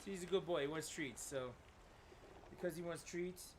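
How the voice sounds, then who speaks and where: A man's voice: fairly high pitch, moderate pace, a little hiss or hum. A middle-aged man chatting casually while streaming a video game with viewers. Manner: chatty, talks to his dog in a soft coaxing voice. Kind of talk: casual live-stream chat.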